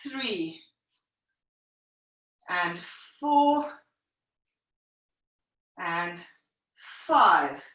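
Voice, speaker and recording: A woman's voice: fairly low pitch, expressive, very slow, pauses often, fairly bright tone. A woman pilates instructor teaching a live online class, cueing breaths and counting reps in short phrases, a little out of breath. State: slightly out of breath. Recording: very echoey room, voice far from mic.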